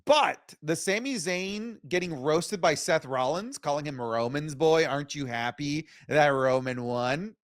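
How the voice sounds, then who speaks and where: A man co-hosting a casual wrestling review show, giving animated, opinionated takes. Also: on the high side, measured pace, hardly any pauses, dry recording, studio quality. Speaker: co-host.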